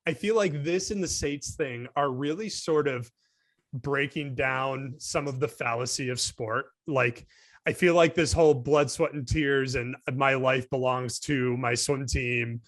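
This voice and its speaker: A man's voice: mid-range voice, unhurried, fairly bright tone, no room sound, clean studio sound. A man co-hosting a casual sports panel discussion, thinking aloud in rambling sentences with many restarts. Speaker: co-host.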